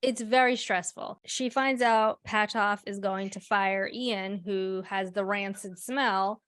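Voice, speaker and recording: A woman co-hosting a podcast walks through a TV episode in loose, blunt chat, dropping swear words as she goes. Her voice sits at an everyday female pitch. The recording is close and dry, with no room sound. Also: steady tone, slow, fairly bright tone, clear, resonant tone, dry recording. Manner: blunt, swears freely while recapping. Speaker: podcast co-host. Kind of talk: casual podcast recap.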